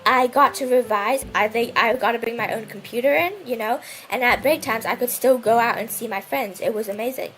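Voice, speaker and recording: A young woman tells a story in an animated, indignant rant, her voice pitched high and bright. Faint music plays under her casual chat.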